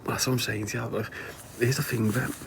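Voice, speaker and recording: A man's voice: mid-range voice, flat delivery, a little fast, creaky, noisy background. A man with a Liverpool accent chatting casually to viewers on a livestream, rambling, laughing often and swearing freely.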